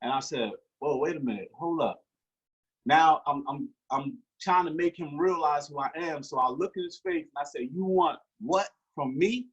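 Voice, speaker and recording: Husky-voiced man telling a story. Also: on the high side, moderate pace, highs cut off. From Newark, New Jersey. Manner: animated storyteller acting out quoted dialogue. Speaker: guest. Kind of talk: storytelling in an interview.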